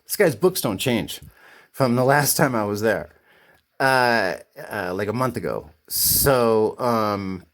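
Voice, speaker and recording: An American comic collector vlogger with a lowish, fairly bright and expressive voice tells a long, indignant story slowly in a casual vlog. He acts out both sides of an argument in quoted voices, with plenty of fillers and restarts.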